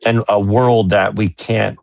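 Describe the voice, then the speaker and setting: Low gravelly male guest, rambling and full of fillers, dry close sound. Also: steady tone, a little slow, darkish tone, no room sound. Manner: rambling, heavy on filler words. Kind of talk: casual philosophical debate.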